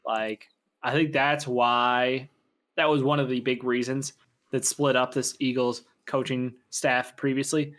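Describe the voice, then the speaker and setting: Steady mid-pitched male sports co-host. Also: measured pace. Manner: steady, explaining opinions in long run-on sentences. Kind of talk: casual sports chat.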